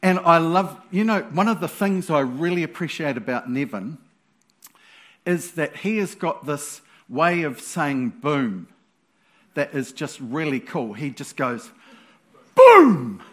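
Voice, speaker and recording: A man preaching a sermon in an animated, playful way, with sudden loud exclamations. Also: on the high side, a little slow.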